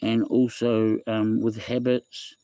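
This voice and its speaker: A man's voice: lowish voice, level tone, slow, mellow, no room sound. Rambling New Zealand man on a phone livestream. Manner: rambling, repeats himself, reads chat aloud, says bro and eh. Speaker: livestream host. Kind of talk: casual livestream chat with viewers.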